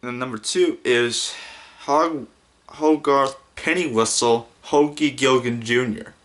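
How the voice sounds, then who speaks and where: A man talking through his podcast in a loose, rambling way. He stumbles and restarts and breaks into giggles as he goes. His pitch sits in an ordinary middle range. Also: a bit bright. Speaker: podcast host. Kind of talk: casual podcast monologue.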